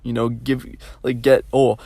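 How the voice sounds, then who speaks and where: A man's voice: level tone, a little slow, creaky, dark tone, slightly rough, no echo. Rambling, profane man on a dry mic. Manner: profane, rambling, full of "like" and "you know"; mocking high-pitched imitations of others. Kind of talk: casual ranting monologue.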